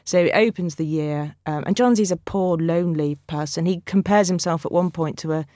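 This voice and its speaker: A woman working as a books editor, speaking as a guest critic in a radio review discussion with animated, chatty enthusiasm. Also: lowish voice, a little fast, dry recording, clean studio sound.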